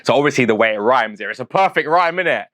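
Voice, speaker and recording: A man's voice: medium pitch, animated, fast talker, fairly bright tone, no echo, studio quality. A man from St Albans with a southern English accent, casually breaking down his own rap lyrics, chatty and full of slang, laughing at his own jokes. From St Albans, England. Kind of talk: casual explanation.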